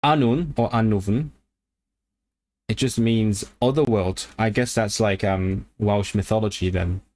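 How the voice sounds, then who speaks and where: A man chatting casually on a livestream about learning languages, thinking aloud with lots of restarts and quick bursts of excitement. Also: lowish voice, no echo.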